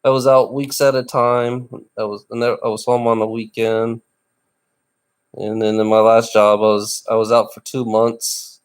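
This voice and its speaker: A tired middle-aged man livestreaming alone, ranting bitterly and swearing, with rough laughs between complaints. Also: fairly low pitch, level tone, normal speed. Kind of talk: ranting live stream monologue.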